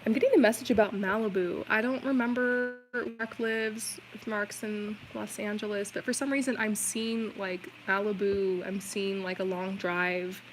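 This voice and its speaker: A woman's voice: medium pitch, fairly even intonation, normal speed, few pauses, background noise. Chatty woman giving a tarot reading. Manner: chatty, warm reassurance with many "like" fillers. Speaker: tarot reader. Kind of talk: live-stream tarot reading.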